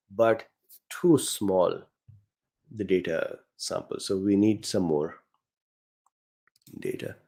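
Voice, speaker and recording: Middle-aged male host, non-native accent, relaxed mellow delivery, casual live Q&A reading viewer chat. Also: lowish voice. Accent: non-native English accent. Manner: reads chat questions aloud, frequent fillers, chuckles. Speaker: host answering viewer questions.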